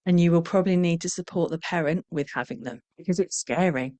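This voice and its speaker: A middle-aged woman with a lowish voice talks to fellow professionals about parenting in a candid, reflective way. She briefly acts out the quoted parents and children as she goes. The sound is dry and close, with no room echo. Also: fast talker, darkish tone. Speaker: parenting trainer. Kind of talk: conversational talk to professionals.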